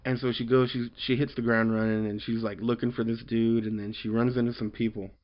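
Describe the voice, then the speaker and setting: A man's voice: medium pitch, flat delivery, brisk. Rambling casual man with dull lo-fi sound. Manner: rambling, filler-heavy, quotes characters loosely. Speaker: comic book reviewer. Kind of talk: casual story recap.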